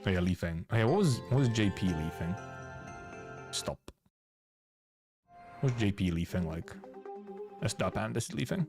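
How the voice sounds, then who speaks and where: Finnish male streamer, casual rambling commentary, lowish voice, faint music behind. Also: expressive, normal speed, long pauses. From Finland. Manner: rambling, repeats and restarts words.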